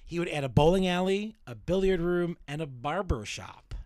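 A man's voice: a little high, lively intonation, normal speed, a little mellow, no room sound. A man co-hosting a casual podcast, telling a history story in a chatty, joking way. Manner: chatty, jokey, self-deprecating narrator. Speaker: podcast co-host.

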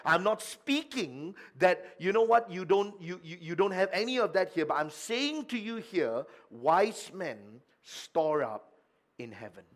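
Pastor guy preaching, high-pitched, pushes his points hard and quizzes the church. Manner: emphatic preaching, rhetorical questions to the congregation. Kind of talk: sermon.

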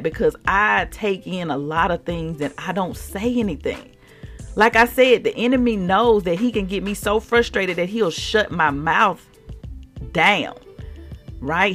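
A woman hosting a devotional faith podcast, speaking with a lively, swooping pitch and a gravelly edge. She talks in an expressive, heartfelt way, often acting out what others say. Faint music plays behind her. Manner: animated, expressive, acts out quotes. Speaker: podcast host.

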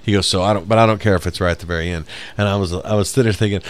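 A man's voice: sits low, steady tone, racing, hardly any pauses, a little hiss or hum. A man casually telling a rambling, profane story on a podcast, laughing as he goes. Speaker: podcast host.

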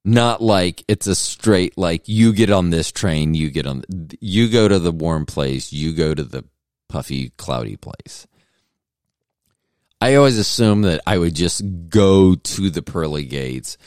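A man's voice: sits low, lively intonation, a little slow, darkish tone, clean tone, dry recording, studio quality. A man hosting a solo podcast, rambling through jokes and self-deprecating asides. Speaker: podcast host.

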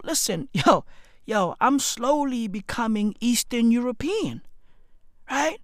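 A woman from Africa hosting a podcast in a profane comedic rant, slangy and excitable, swearing and laughing often, jumping from loud highs to low mutters. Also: slow. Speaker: podcast host.

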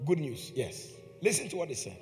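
A man's voice: on the high side, sing-song, a little fast, a little mellow, big-room sound, faint music behind. A man preaching a sermon with emphasis. He repeats phrases and puts questions to his listeners.

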